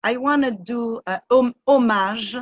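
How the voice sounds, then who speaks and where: A woman from Martinique with a French accent, speaking halting, earnest English as a guest singer on a video call. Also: fairly high pitch, lo-fi sound. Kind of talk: online event performance.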